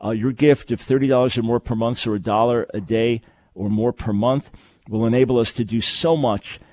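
This call-in radio host has a medium-pitched, slightly mellow voice with fairly even intonation, speaking at a normal speed with no echo. He offers advice and announcements in an earnest, emphatic manner, repeating phrases to drive points home.

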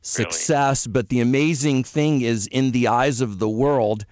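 A man hosting a radio talk show, interviewing a caller in a brisk, friendly way and moving toward a break. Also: medium pitch, a little mellow, no room sound. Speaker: radio host.

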